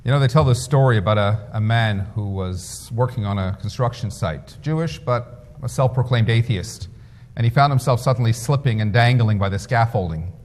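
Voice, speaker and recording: A man's voice: mid-range voice, a little mellow. Man, rabbi, lecture, storytelling, rhetorical questions, long hall reverb. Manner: measured, rhetorical questions to the audience.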